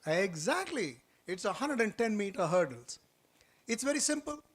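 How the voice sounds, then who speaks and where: A man giving a lively motivational orientation talk in an auditorium, quizzing the audience and telling stories. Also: high-pitched, normal speed, breathy edge. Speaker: orientation speaker.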